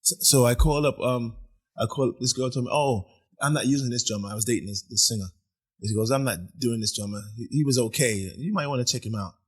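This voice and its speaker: A man's voice: medium pitch, quick pace, breathy edge. A man, a musician guest, telling stories in casual chat in an apartment, acting out quoted voices and laughing often.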